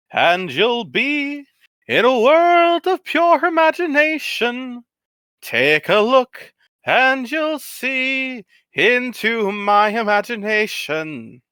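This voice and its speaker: A man's voice: sharp tone, clear, resonant tone, no room sound, exaggerated voice. A man singing as an eerie voice from the air. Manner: slow, high sung lines. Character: mysterious disembodied voice in the air, singing.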